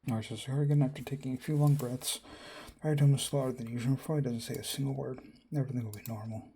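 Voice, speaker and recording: A man's voice: mid-range voice, steady tone, fast, gravelly, mellow, slight background noise. A man reading a visual novel aloud, doing narration and all the characters in his own voice and reacting as he goes. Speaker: game streamer.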